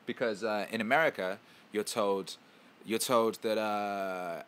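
A man hosts a loose, casual livestream, reading viewer comments aloud and riffing on them. He talks in a playful way, repeating phrases and handing out shout-outs. His voice sits fairly low. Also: fairly even intonation, measured pace, a little hiss or hum. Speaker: show host.

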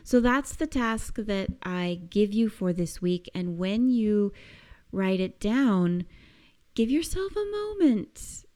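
Slow, gentle woman coaching. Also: mid-range voice, expressive. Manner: slow, gentle, searching, with frequent soft laughs. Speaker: coach giving a weekly task. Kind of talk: reflective guided self-help talk.

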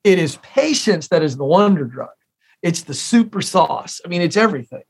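A high-pitched man in his forties from the U.S. shares stories as a career expert guest in an interview, with lively intonation and vocal fry at a moderate pace. He is emphatic and repeats key phrases for effect.

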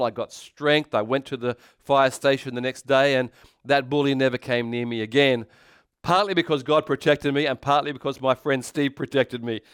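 A man with an Australian accent, a pastor preaching a sermon in a conversational, energetic way with many restarts. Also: medium pitch, moderate pace, clear, resonant tone, dry recording, studio quality.

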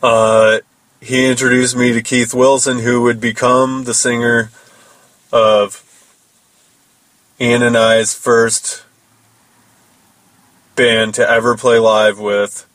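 A man's voice: mid-range voice, level tone, slow, pauses often, fairly bright tone, no room sound, low-quality recording. A man hosting a podcast, telling a loose, rambling story about his band and swearing casually. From United States. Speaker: podcast host and metal musician.

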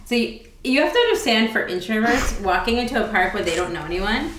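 A woman's voice: fairly high pitch, very animated, fairly quick, background noise. A woman co-hosting a podcast in casual chat, with a dry, blunt, sweary way of talking. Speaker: podcast co-host.

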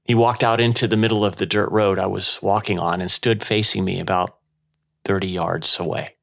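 A man hosting a podcast, narrating a personal story in a slow, measured way. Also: sits low, steady tone, vocal fry, a bit bright. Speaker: podcast host.

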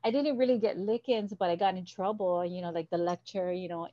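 A woman's voice: on the low side, brisk, no room sound, muffled recording. A woman from Hawaii, a guest telling stories in an interview and acting out the voices in them. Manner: animated, acts out the voices in her stories. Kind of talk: storytelling interview.

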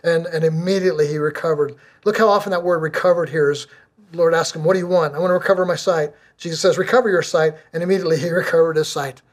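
A middle-aged male pastor preaching a sermon, earnest and deliberate, repeating phrases for emphasis. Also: fairly high pitch, fairly even intonation.

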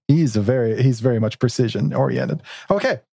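A man's voice: mid-range voice, expressive, fairly quick, creaky, mellow, dry recording, studio quality. Easygoing, chuckling male player. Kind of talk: casual tabletop game play.

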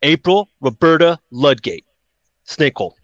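A man in a casual quiz chat, chiming in with quick jokes. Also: a little high, very animated, no room sound, highs cut off. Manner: quick joking interjections. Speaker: quiz player. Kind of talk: casual banter.

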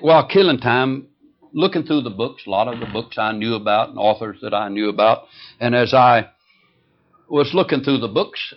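A man's voice: medium pitch, dull audio. A man preaching an emphatic sermon, telling a story and repeating points for stress.

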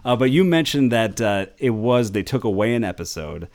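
A man's voice: medium pitch, lively intonation, normal speed, a little mellow. A man hosting a casual podcast, rambling through entertainment news with frequent laughs and self-corrections. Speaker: podcast host.

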